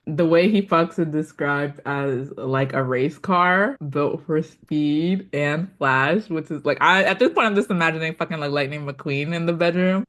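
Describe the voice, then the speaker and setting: A young woman co-hosting a casual chat podcast, recapping with a sarcastic edge and frequent laughter. Her voice sits somewhat low for a woman. She trails off into fillers and restarts her sentences. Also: a bit bright. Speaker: podcast co-host.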